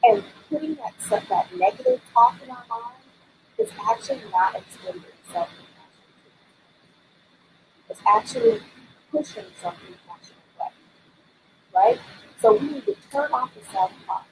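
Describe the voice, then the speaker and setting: A woman's voice: high voice, sing-song, normal speed, long pauses, darkish tone, a little hiss or hum, poor audio. Upbeat woman giving a motivational talk. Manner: upbeat, encouraging, repeats key phrases for emphasis; faith-based affirmations. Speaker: leadership coach.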